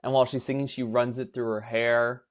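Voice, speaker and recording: A young man co-hosting a podcast, telling a story with animated enthusiasm and casual swearing. His pitch sits right in the middle for a man. He talks in a relaxed, chatty way. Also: fairly quick. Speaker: podcast co-host. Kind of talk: casual chat.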